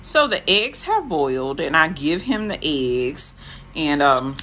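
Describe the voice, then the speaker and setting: A woman telling a dating story in casual storytime style, animated and dramatic. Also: low-pitched, takes it slowly, a little hiss or hum. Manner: animated, dramatic retelling with quoted voices.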